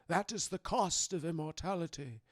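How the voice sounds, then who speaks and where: A man voicing an ancient knight guardian who gives a slow, grave warning. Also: a little high, dry recording, clean studio sound, pitched below the performer's own voice, close to an everyday voice.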